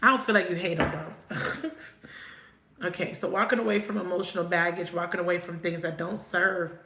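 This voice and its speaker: A woman's voice: lowish voice, steady tone, fairly quick, roomy sound, noisy background. A woman reading tarot cards in a casual live chat, swearing now and then and laughing often as she talks to viewers. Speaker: tarot reader.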